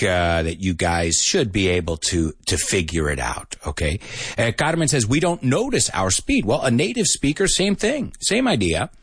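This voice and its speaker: Male live-stream English teacher, husky voice, lively swings in pitch, dry close sound. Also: no echo. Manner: lively, mixes in Spanish, laughs often. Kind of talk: casual live-stream lesson.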